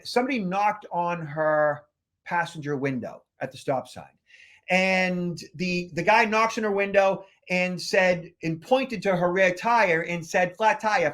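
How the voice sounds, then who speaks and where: A man's voice: high-pitched, measured pace, fairly bright tone. A man, co-hosting a podcast and telling a long travel story in a rambling, casual way full of fillers. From Boston area, USA. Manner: rambling anecdotes with frequent fillers. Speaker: podcast co-host, security consultant.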